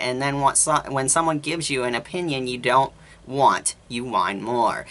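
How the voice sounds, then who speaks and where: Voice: medium pitch, expressive, normal speed, a bit bright. A vlogger telling a long story in a rambling, exasperated way, often quoting both sides of an argument. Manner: rambling, exasperated, quotes others in conversation. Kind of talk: casual storytime rant.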